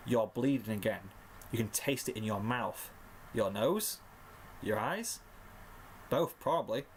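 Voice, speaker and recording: A man's voice: mid-range voice, slight background noise. A man narrating a second-person fanfiction story in a mock-dramatic way. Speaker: fanfiction reader.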